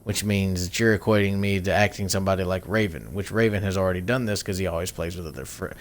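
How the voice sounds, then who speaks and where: A man's voice: low voice, fast. A young man on a gaming stream, teasing his friend in a mock-indignant way. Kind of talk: casual gaming chat.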